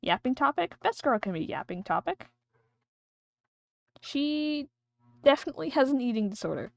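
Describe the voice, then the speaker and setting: A woman's voice: high voice, big pitch swings, normal speed, vocal fry, dry recording, studio quality. A woman streamer chatting casually and rambling while she draws on a livestream. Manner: chatty, rambling, thinking aloud.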